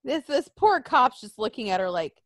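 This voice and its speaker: Animated, swearing woman telling stories. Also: fairly high pitch, normal speed, no room sound. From Arizona. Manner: profane, animated, mimics people in quotes. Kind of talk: casual chat, storytelling.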